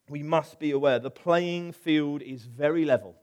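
A middle-aged man preaching a conversational sermon, animated, with asides. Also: on the high side, moderate pace, few pauses. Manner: animated, acts out quoted voices, conversational with asides.

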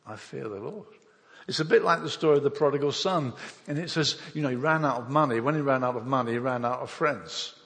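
Gravelly older English preacher in a hall. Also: male voice, mid-range voice, steady tone, fast talker, hardly any pauses, a bit bright. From England. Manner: storytelling, acts out voices and inner thoughts. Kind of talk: sermon with personal testimony.

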